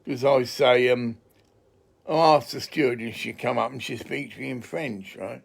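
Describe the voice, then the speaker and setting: A man's voice: medium pitch, normal speed, gravelly, husky. An English man talking in a casual, rambling monologue, chatty and digressive, swearing freely.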